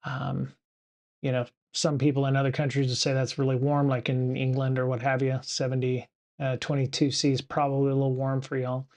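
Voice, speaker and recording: A man's voice: mid-range voice, completely flat delivery, brisk, a little mellow. A man hosting a casual livestream show, rambling with lots of fillers and restarts from a home studio. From United States. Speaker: podcast host.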